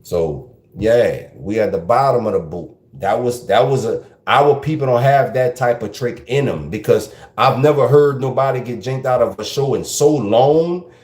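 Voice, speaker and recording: A man's voice: medium pitch, lively intonation, moderate pace, few pauses, a little mellow, echoey room. A man with a South Louisiana Creole accent hosting a podcast, talking loosely and rambling, dropping in Creole French phrases. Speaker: podcast host. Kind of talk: casual commentary monologue.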